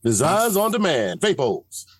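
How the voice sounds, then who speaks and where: A man's voice: a little high, big pitch swings, measured pace, slightly rough, no room sound. A man bantering and joking as a co-host on a veterans' podcast. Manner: joking, teasing. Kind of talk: casual chat.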